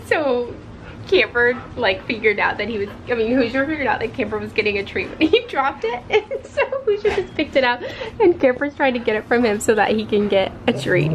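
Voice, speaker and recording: A young woman in her twenties chatting casually in a home vlog, rambling with fillers, and switching to a high sing-song voice to call her dogs. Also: sing-song, moderate pace, a little hiss or hum, rough recording. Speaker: vlogger.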